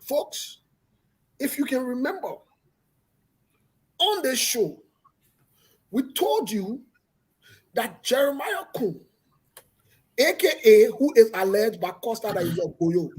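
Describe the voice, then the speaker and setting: A man's voice: very high voice, sing-song, takes it slowly, pauses often, darkish tone, husky. A man hosting a political talk show, speaking emphatically and repeating himself for effect. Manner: emphatic, repetitive, pointed.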